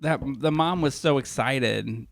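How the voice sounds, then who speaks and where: A man co-hosts a podcast in a loose, rambling chat, often stopping and restarting his thoughts. His voice sits at a middle pitch. The sound is dry and close, with no room echo. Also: measured pace, vocal fry. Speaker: podcast co-host. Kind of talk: casual chat.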